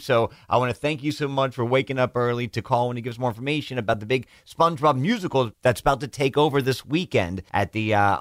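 A man's voice: mid-range voice, no echo, studio quality. A man hosting a morning radio show, interviewing a guest in a friendly, promotional way. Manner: friendly, promotional, laughs easily.

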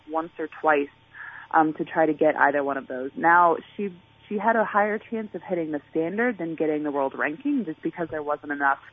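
Over a tinny phone line, an Olympic track and field athlete speaks in a lowish voice with a breathy edge. Her chatty interview answers are packed with fillers and restarts.

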